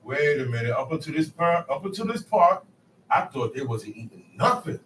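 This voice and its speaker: A man's voice: on the high side, sing-song, normal speed, a bit bright. A man teaching a Bible study to a small group, emphatic and acting out quotes as he calls on his listeners. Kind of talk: preaching scripture study. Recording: echoey room, distant mic, faint noise.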